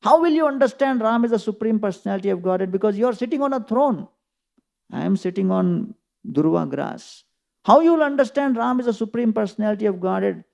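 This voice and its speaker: A man's voice: sits high, animated, unhurried, gravelly, a little mellow, full character voice. A man voicing an indignant old male sage who scolds a king in a retold scripture story, repeating his rebukes one after another. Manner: chastising, rhetorical repetition.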